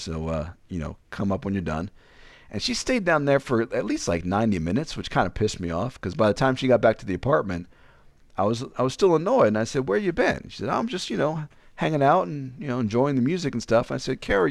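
Man, frank storyteller, rambling, acts out quotes, very expressive pitch. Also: no room sound, studio quality. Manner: frank, rambling, animated retelling with quoted dialogue. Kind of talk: candid personal storytelling.

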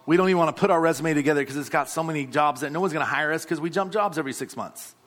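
A man's voice: fairly high pitch, rapid-fire, a bit bright. A male pastor, preaching a sermon and calling out to the congregation. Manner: exhorting, calls out to the congregation.

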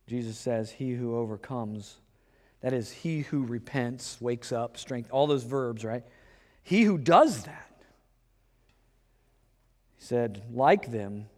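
A man preaching a sermon, acting out back-and-forth dialogue with lively swings in pitch and loudness. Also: slow, long pauses, big-room sound. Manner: animated, acts out dialogue with shifts in pitch and loudness. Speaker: pastor.

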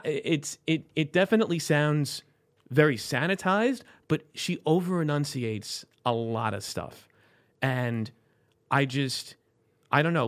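A man from South Florida hosting a casual chat show, talking in an animated, rambling way with many restarts. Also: mid-range voice. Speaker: podcast host.

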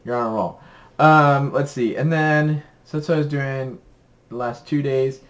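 A man's voice: mid-range voice, normal speed. A young man co-hosting a podcast in casual chat, rambling and upbeat with many ums. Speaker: podcast co-host.

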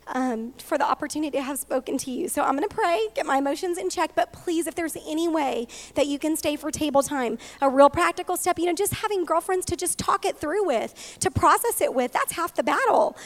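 A woman preaching a heartfelt sermon to a women's gathering, earnest and openly emotional. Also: high-pitched. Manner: earnest, emotional, tearful at times. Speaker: women's ministry speaker.

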